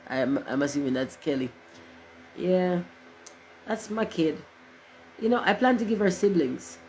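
A woman's voice: fairly low pitch, unhurried, darkish tone, a little hiss or hum, rough recording. A middle-aged woman, chatting casually on a livestream in a rambling, joking way and cursing freely. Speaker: livestream host.

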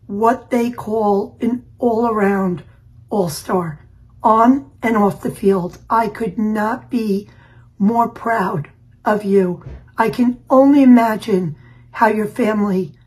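Lady gushing in a video message, almost crying, slow and husky. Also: medium pitch, poor audio. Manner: warm, gushing, near tears.

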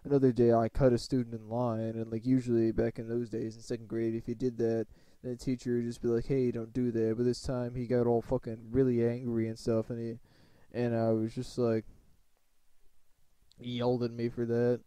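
Guy rambling thru a storytime, swears a lot, dark smooth voice, dry close sound. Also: medium pitch, completely flat delivery, moderate pace, dry recording. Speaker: vlogger. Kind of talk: casual storytime monologue.

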